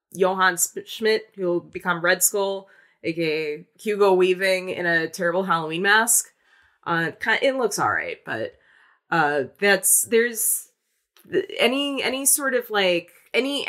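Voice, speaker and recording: A woman co-hosting a podcast, chatting casually about a film in an animated, rambling way full of restarts. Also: medium pitch. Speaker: podcast co-host. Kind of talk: casual film-review chat.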